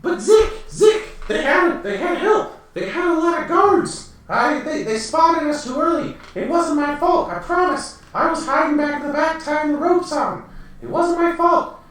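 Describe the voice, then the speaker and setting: Man putting on a high, whiny goblin lackey for a tabletop game, frantic excuses, echoey room off-mic. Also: animated, measured pace, a bit bright, distant mic, heavily acted. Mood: whiny pleading. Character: whiny panicky male goblin underling.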